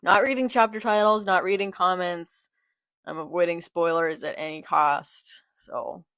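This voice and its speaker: Young woman doing a manga read-along, gets worked up and exasperated, lowish voice, dry sound. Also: unhurried, dry recording. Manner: excitable, exasperated outbursts. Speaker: manga reaction host. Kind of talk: live read-along reaction.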